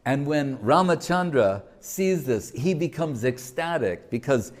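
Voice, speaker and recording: A man teaches a spiritual class, retelling a sacred story in a loose, joking, conversational way. He speaks at an unhurried, slow pace and often restarts his sentences or breaks off into asides. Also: mid-range voice, expressive. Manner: joking, chatty, full of restarts. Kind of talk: casual storytelling talk to an audience.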